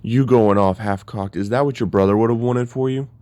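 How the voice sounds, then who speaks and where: A man's voice: fairly low pitch, a little fast, dark tone, dry recording, close to an everyday voice. A man telling it as a grim vengeful young hero. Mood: lecturing. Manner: intense, lecturing.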